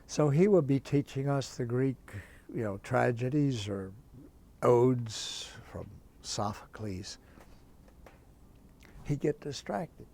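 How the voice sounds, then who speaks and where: A man's voice: mid-range voice, slow, vocal fry, pauses often. An older man, a priest, telling a chatty anecdote about a teacher, with many asides. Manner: lively, chatty, full of asides. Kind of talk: anecdotal storytelling.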